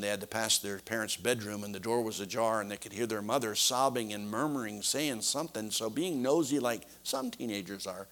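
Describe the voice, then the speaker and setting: A man preaching a sermon, telling a story in a folksy, animated way. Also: lowish voice.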